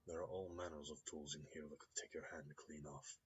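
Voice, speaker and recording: A man voicing a cultured, polite Russian rigger, speaking softly, courteously and in a measured way. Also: a bass voice, a little hiss or hum. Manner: soft-spoken, measured and courteous. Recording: slightly dull lo-fi recording.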